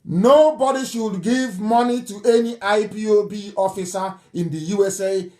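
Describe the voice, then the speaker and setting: A man's voice: sits high, normal speed, darkish tone. A Nigerian man hosting a live broadcast, speaking emphatically and repeating his points insistently. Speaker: broadcast host. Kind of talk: live radio broadcast address.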